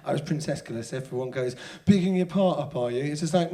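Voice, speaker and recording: Thirties male comic guest, a touch high, rambling and self-deprecating. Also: quick pace, dark tone. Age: 30s. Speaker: comedian guest. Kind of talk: casual comic storytelling.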